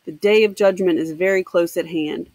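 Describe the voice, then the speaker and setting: A woman's voice: lowish voice, fairly even intonation, normal speed, a little mellow, no room sound. Lady reading as a tipsy old guy preaching doom, dry mic. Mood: solemn. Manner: solemn, slurred warnings. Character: drunken old man prophesying doom.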